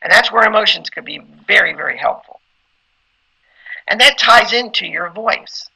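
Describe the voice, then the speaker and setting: Man, middle-aged, gravelly, husky, informal lecture on preaching. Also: high-pitched, animated, normal speed, pushed and bright, rough recording. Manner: conversational, rising to emphatic preacher tone in examples. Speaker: instructor teaching preaching skills.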